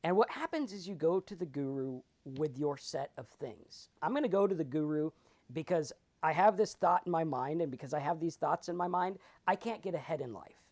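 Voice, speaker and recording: A man co-hosting a talk on recovery, animated and emphatic, acting out characters in his stories and swearing freely. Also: fairly high pitch, a little fast. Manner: animated, acts out characters in anecdotes. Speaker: podcast co-host. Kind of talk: casual spiritual recovery talk.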